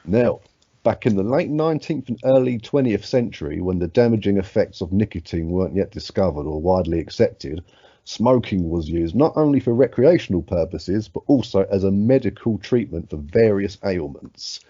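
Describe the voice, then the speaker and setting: A man's voice: lowish voice, expressive, normal speed, dark tone, breathy edge, no room sound, lo-fi sound. A man co-hosting a casual podcast, sweary and laid-back, reading odd facts aloud. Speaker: podcast co-host.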